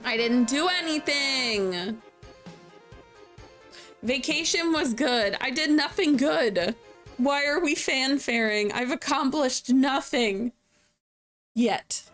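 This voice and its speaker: A woman's voice: high voice, animated, slow, long pauses, fairly bright tone, soft background music. A sleepy young woman streaming a game, joking around, laughing and chatting with her viewers. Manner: chatty, joking, laughs often, reads chat aloud. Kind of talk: casual live-stream game commentary.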